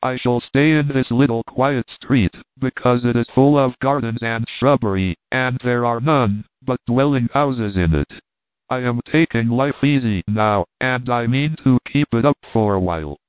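A man reading old letters and commentary aloud in a steady, measured way. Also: mid-range voice, no room sound. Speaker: reader. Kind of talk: scripted narration of old letters. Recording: dry, tinny phone-like sound.

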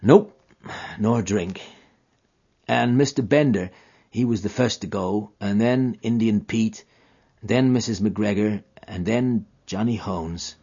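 A man voicing a gaunt, dying frontiersman, gentle and weary, speaking in a drawling rustic dialect. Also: on the low side, slow, breathy edge, lo-fi sound, exaggerated voice.

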